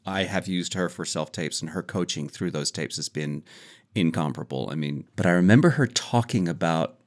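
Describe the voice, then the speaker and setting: Easygoing lower-voiced man co-hosting a podcast. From United States. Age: middle-aged. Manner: easygoing, self-deprecating. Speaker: podcast co-host. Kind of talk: casual chat.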